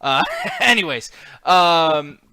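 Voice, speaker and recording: Bright-voiced man rambling casually. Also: on the high side, very animated, takes it slowly, clean tone, no room sound. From United States. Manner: rambling, swears often, many fillers. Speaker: podcast host. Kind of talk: casual profane chat.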